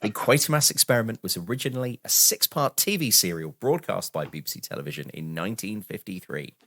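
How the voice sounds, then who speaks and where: A man co-hosting a podcast, reading background notes aloud in a casual, animated way and laughing now and then. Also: lowish voice, fast talker. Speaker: podcast co-host.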